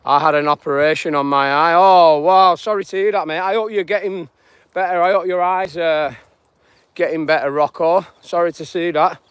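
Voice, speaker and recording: A man's voice: on the high side, fairly even intonation, normal speed, fairly bright tone, clear, resonant tone, no room sound. A man, chatting casually on a live-stream walk through outdoor fields, greeting viewers and musing about life. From northwest England. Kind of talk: rambling live walk-and-talk.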